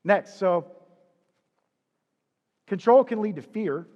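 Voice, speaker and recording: A man's voice: high voice, expressive, slow, warm tone, in a large hall, muffled recording. A man preaching in a conversational, confessional way, asking the listener rhetorical questions. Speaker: pastor. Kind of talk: sermon.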